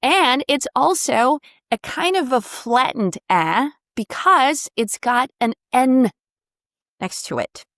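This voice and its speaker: A woman coaching pronunciation on a video call, demonstrating sounds and drifting into vocal fry at phrase ends. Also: sits high, lively intonation, takes it slowly, fairly bright tone, no room sound, studio quality. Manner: encouraging, demonstrative, drills sounds. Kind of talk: online one-on-one pronunciation lesson.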